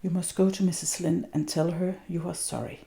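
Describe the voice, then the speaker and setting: A woman with a Danish accent playing a stern but fair middle-aged spinster in a soft, whispered role-play. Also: on the low side, fairly even intonation, brisk, gravelly.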